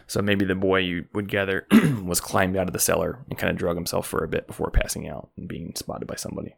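A man's voice: low-pitched, quick pace, creaky, slightly rough. A man narrating as game master at home, rambling with lots of fillers.

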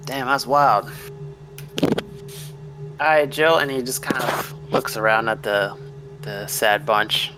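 A man's voice: mid-range voice, measured pace, music in the background, poor audio. A man playing a tabletop role-playing game, narrating his character's moves in a laid-back, laughing way. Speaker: player.

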